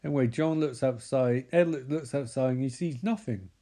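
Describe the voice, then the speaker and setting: A sarcastic man riffing through a bad horror movie, mocking its plot with a mellow, warm tone. His delivery is loose and jokey. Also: medium pitch, moderate pace. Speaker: movie recap commentator.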